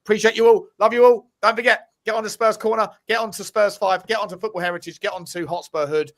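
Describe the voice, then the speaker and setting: A man hosting a casual football fan live stream, chatty and swearing as he shouts out viewers and reads their messages. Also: high-pitched, steady tone, fast talker. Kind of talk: casual live-stream chat, reading out super chats.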